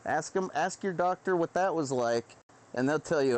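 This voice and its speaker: A man's voice: fairly high pitch, moderate pace, slight background noise. A man in a rambling, profane, self-deprecating live-stream monologue, recorded indoors on a webcam setup.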